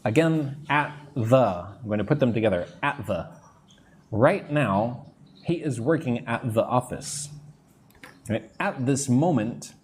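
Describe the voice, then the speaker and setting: Slow, lively teacher. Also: male voice, medium pitch, slight background noise. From United States. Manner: slow, deliberate modelling of phrases, chatting with viewers. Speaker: English teacher. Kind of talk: live-stream English lesson.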